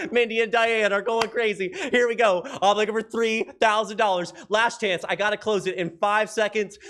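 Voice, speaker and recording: High-pitched guy running a charity auction, loud, pushing bids over and over. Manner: energetic, repetitive bid calling, often shouting. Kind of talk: live charity auction calling.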